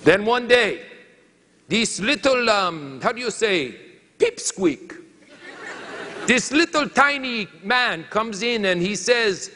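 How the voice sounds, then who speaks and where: A man playing a boastful French lumberjack who tells a comic tale in halting, broken English with a put-on French accent, in a reverberant hall. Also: high-pitched, lively intonation, sharp tone, exaggerated voice. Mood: storytelling.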